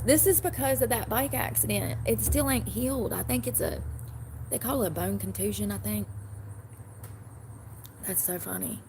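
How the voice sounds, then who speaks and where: A woman's voice: medium pitch, normal speed, vocal fry, long pauses, background noise. A woman chatting casually to her livestream audience, rambling and answering comments, from the United States. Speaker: livestream host.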